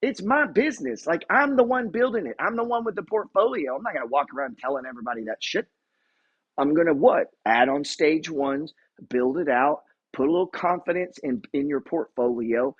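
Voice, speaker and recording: Man, husky, animated pitch, profane motivational rant, lo-fi sound. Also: fairly quick. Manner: blunt, profane, emphatic. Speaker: investor and real estate buyer. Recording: dull lo-fi recording.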